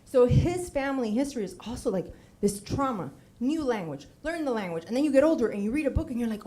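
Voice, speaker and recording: A woman's voice: a little high, lively intonation, fast, few pauses, dark tone. A woman in her thirties from Miami, telling a comic personal story on a theater stage and acting out the voices of the people she quotes.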